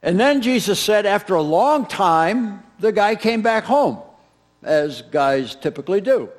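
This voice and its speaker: A man preaching a sermon, retelling a parable as an animated storyteller who acts out its characters with humor. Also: high-pitched, a little slow. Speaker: pastor.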